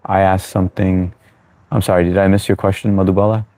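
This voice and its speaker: A man's voice: sits low, little pitch movement, fairly quick, warm tone, dry recording. An American-born man hosting a live chat Q&A, chatty and reassuring, with many fillers as he answers viewers. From United States. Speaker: livestream host. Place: New York.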